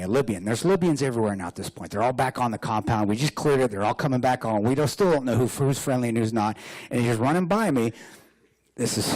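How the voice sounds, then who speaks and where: A man giving a lively storytelling speech as a guest speaker, joking and laughing often. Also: medium pitch. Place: hotel banquet room.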